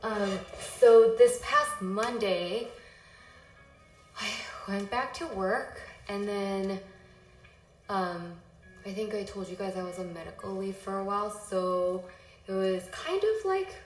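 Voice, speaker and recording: Woman streamer, sick and winded, scattered apologetic chatter; echoey room, soft music bed. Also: medium pitch, slow. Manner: rambling, apologetic, easily sidetracked. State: sick and out of breath. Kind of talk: casual livestream chat.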